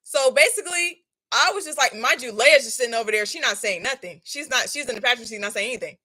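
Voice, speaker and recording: A young woman vlogger telling a story in casual chat, emphatic and animated, often checking in with "okay?" and "right?". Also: a little high, quick pace, slightly rough, no echo. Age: young adult. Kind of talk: casual storytime while doing a face mask.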